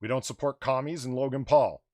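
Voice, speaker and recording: A man's voice: medium pitch, fairly quick, dry recording, studio quality. A man hosting a live stream, rambling casually and reading out donations. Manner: rambling, animated, reads donations aloud. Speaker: stream host. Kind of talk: casual livestream chat.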